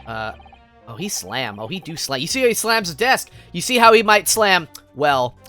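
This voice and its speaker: A woman's voice: lowish voice, big pitch swings, normal speed, pushed and bright, faint music behind. A woman streaming a game, giggly and playful, chatting with viewers. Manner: giggly, playful, reads chat.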